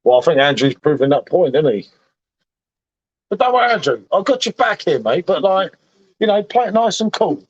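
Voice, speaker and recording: Brief: high-pitched man, tipsy, rambling and matey, dull lo-fi stream audio. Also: sing-song, moderate pace, slightly rough. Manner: matey, repeats himself, says "mate" a lot. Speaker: livestream host. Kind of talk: casual chat.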